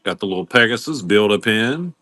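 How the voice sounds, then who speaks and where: Low-voiced man hosting a live sale. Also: expressive, fairly quick, bright, forceful tone, no echo. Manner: welcomes viewers by name while listing items. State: coughing now and then. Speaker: livestream seller host. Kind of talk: casual live sale patter.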